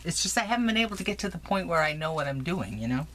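A woman chatting excitedly through a crafting unboxing, gushing and laughing often in her home craft room. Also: lowish voice, racing. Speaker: crafting vlogger. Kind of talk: casual unboxing chat. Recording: noisy home recording.

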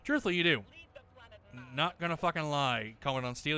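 A man commentating his own shooter gameplay, swearing often and breaking into loud shouts at enemies. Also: fairly high pitch, a little fast, clean tone. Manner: profane, bursts into yelling at enemies. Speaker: gameplay streamer. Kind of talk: let's-play commentary.

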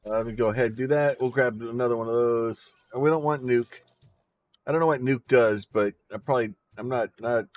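A woman's voice: very deep voice, a little fast, a little mellow. A woman streamer giving let's-play commentary, giggling and amused.

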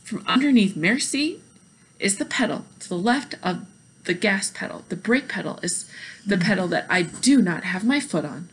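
A fussy, earnest older gentleman speaks in proper, emphatic phrases, as a woman reading aloud puts him on. He is doting and excitable, a comic storybook husband. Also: medium pitch, moderate pace, slight background noise, lightly acted, poor audio.

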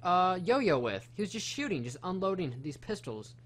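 A man's voice: high voice, sing-song, normal speed. Man rambling through a profane film recap. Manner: profane, rambling retelling with many fillers. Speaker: film reviewer. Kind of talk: casual film review chat.

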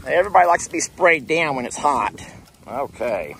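A man's voice: expressive, moderate pace, gravelly, a bit bright. A man filming a casual farm vlog, his voice rising and falling a lot as he chats. Faint outdoor noise hangs behind him. He talks easily and fondly to the animals. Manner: chatty, coos at the animals in a high voice. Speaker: farm vlogger.

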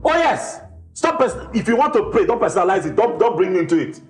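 An actor with a Nigerian English accent playing Boma, an irritable husband tired after work, exasperated and lecturing in a film scene. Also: male voice, high-pitched, sing-song, fast talker. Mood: annoyed. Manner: exasperated, repetitive, sermonizing. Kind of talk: Nollywood film acting. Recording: echoey room with music.

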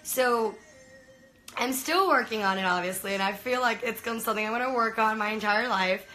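A bright, slightly high voice belongs to a young woman from Venezuela chatting on a phone live stream. She gushes and rambles, packing her sentences with "like" and "you know." It sounds casual and unscripted. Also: fairly quick, faint music behind, poor audio. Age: young adult. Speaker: livestreamer.

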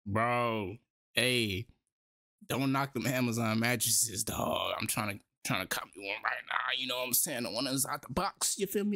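A man's voice: mid-range voice, lively intonation, normal speed, vocal fry, bright, forceful tone, no room sound, clean studio sound. A man streaming his reaction to a video, talking in a loose, slangy way and often repeating himself. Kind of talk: casual reaction commentary.

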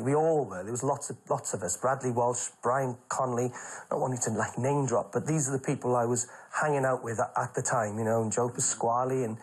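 A middle-aged Welsh comedian with a husky, medium-pitched voice shares chatty backstage anecdotes in an interview at a fairly quick pace. He's animated and acts out the people in his stories, and the recording is rough.

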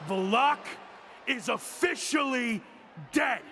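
A man's voice: very high voice, lively intonation, slow pace, sharp tone, shouting, exaggerated voice. An actor playing a proud male wrestler in a video game who makes an earnest, defiant speech about his comeback.

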